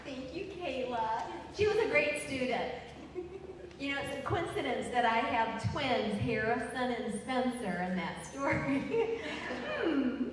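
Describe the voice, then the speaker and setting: A woman's voice: high voice, lively intonation, unhurried. A middle-aged woman telling a personal story on stage at a live event. She is chatty and laughs at her own jokes. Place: large hall at a live event. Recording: echoey hall from far off, faint hum.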